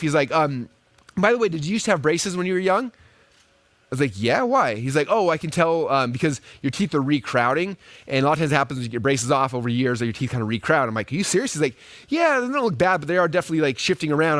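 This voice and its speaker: A man in his thirties teaching a live online marketing webinar, telling stories quickly and with energy, often checking in with "right?" and "okay?". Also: fairly high pitch, no echo. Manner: fast, energetic storytelling with lots of "right?" and "okay?".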